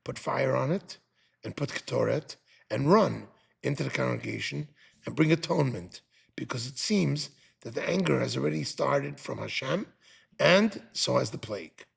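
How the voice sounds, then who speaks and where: A man's voice: medium pitch, animated, moderate pace, vocal fry, husky, full character voice. A man playing an older male prophet who gives urgent orders.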